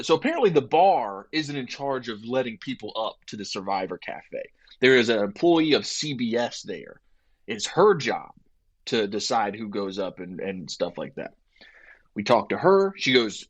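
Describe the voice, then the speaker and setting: A young man with a mid-pitched voice that swings widely as he retells a story. He laughs often and acts out what other people said. He sounds like he is chatting casually on a podcast. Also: very animated, normal speed. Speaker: podcast co-host. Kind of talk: casual chat. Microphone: podcast microphone.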